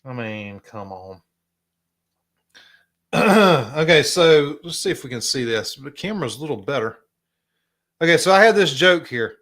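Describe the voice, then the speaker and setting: A middle-aged man with a South Carolina accent hosting a casual live stream, chatty and drawling, often clearing his throat. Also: mid-range voice, expressive, unhurried, pauses often, a bit bright. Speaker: host.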